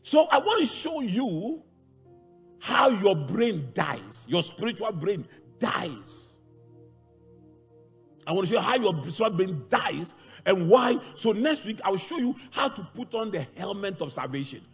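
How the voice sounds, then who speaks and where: A man preaching a sermon to a congregation, animated and rising into shouts. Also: high voice, unhurried, husky. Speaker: pastor. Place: large church hall. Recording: church hall reverb with faint music.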